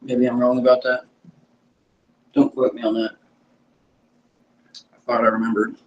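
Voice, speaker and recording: A man's voice: mid-range voice, monotone, a little slow. A man casually reviewing cannabis at home, laid-back and rambling, hedging what he remembers. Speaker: cannabis vlogger. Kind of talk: casual product review chat. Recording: distant, dull home recording with faint noise.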